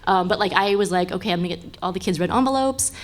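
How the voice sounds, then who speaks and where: A woman's voice: mid-range voice, quick pace, background noise. A woman in her thirties, a guest on a live podcast panel, talking casually with lots of fillers and frequent laughter.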